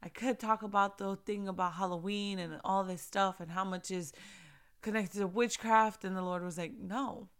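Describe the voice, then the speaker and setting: A woman's voice: mid-range voice, fairly even intonation, moderate pace, smooth. A young woman hosting a casual faith podcast, chatty and earnest, repeating phrases and laughing often. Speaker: podcast host.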